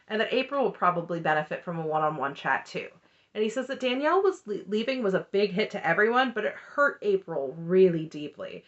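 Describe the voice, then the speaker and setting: A woman's voice: medium pitch, pushed and bright. A woman hosting a casual, chatty recap with snarky asides. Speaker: recap host. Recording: muffled lo-fi audio.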